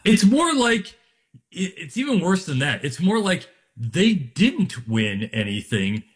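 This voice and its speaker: A man co-hosting a sports radio show, talking in an animated, exasperated way with lots of fillers. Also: high voice, takes it slowly. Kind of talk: casual sports talk.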